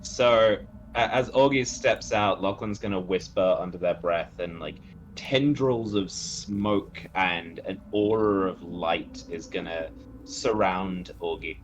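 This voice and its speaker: A man's voice: sits low, takes it slowly. A man playing a tabletop game, talking hesitantly with frequent restarts. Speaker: player. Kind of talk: casual tabletop play. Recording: dull lo-fi mic with faint hiss.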